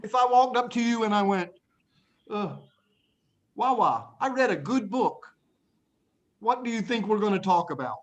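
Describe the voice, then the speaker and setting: A man teaching English writing to a class of young students, playful and animated, acting out examples and hushing the class now and then. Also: high voice, normal speed, pauses often. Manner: playful, animated, acts out examples in little voices; talks to young students, often hushes the class. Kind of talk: classroom lesson to children.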